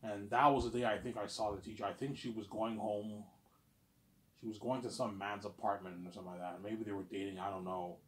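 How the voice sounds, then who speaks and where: A man's voice: lowish voice, fairly even intonation, fairly quick. A man in his thirties telling a personal story in a casual monologue, rambling, repeating himself and swearing often. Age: 30s. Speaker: vlogger.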